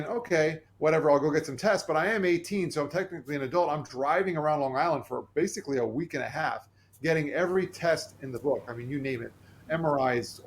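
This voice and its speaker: A man appearing as a podcast guest tells a personal story earnestly and animatedly, acting out the voices of the people he quotes. His voice is on the high side, with a slight hiss or hum in the recording.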